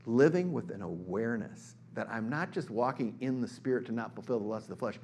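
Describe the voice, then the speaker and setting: Middle-aged male preacher, mid-pitched, conversational with emphatic swells; faint hum behind. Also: animated, fairly quick, a little mellow. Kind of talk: sermon.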